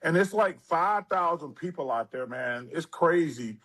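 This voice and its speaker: Older male guest, husky, slightly high-pitched, animated casual storyteller. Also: measured pace. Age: 60s. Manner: animated storyteller, drawling, lively asides. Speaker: interview guest.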